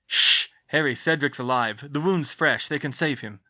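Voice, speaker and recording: A man's voice: mid-range voice, normal speed, pushed and bright. A man voicing a protective adult wizard who speaks urgently and reassuringly in a storybook reading.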